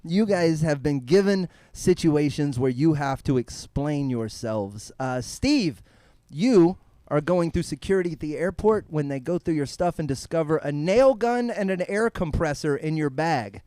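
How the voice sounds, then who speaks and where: A male host running a live comedy panel. His voice is high for a man and swings widely in pitch. He fires off setups quickly and laughs along with his guests. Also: dry recording. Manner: quick, laughing, lively banter. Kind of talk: live comedy show hosting.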